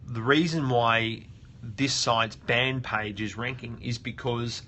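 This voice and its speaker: Gravelly, forceful man teaching. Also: mid-range voice, slight background noise. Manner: thinks aloud, with frequent restarts. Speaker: host of a web audit show. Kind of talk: casual screen-share tutorial.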